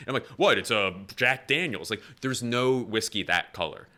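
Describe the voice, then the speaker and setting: A man's voice: medium pitch, moderate pace. A man in his thirties, a comedian guest telling stories in casual podcast chat, acting out quotes and laughing often. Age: 30s. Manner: animated storyteller, laughs often, acts out quotes.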